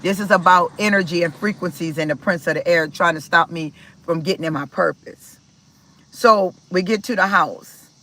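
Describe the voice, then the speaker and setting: A woman from Maryland telling a personal story to her viewers in a casual, animated way, acting out what people said. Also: lowish voice, normal speed, poor audio. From Maryland, USA. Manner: animated, talks to viewers directly, acts out quoted dialogue. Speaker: spiritual vlogger.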